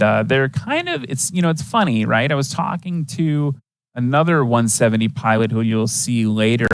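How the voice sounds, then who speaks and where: A man's voice: mid-range voice, no room sound. Chatty man calling a live air event. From Wisconsin. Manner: chatty, enthusiastic, folksy asides. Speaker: event commentator. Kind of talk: live play-by-play commentary.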